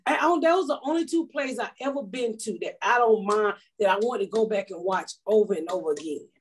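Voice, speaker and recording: Husky woman host, loud cussing storyteller on a podcast. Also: mid-range voice, fairly quick. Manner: loud, profane, animated storytelling. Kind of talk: casual chat, storytelling.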